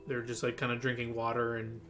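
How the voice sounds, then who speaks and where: A man's voice: mid-range voice, monotone, a little fast, over loud music. A man running a tabletop game as game master, narrating loosely with lots of fillers and restarts. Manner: rambling, full of fillers and restarts.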